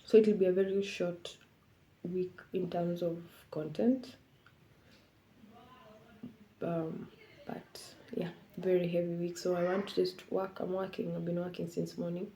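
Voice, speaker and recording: A young woman talking casually to her vlog viewers in a relaxed, rambling way about a tiring week. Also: fairly low pitch, unhurried, long pauses, slight background noise, rough recording. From Kenya. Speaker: vlogger. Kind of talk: casual vlog talk to camera.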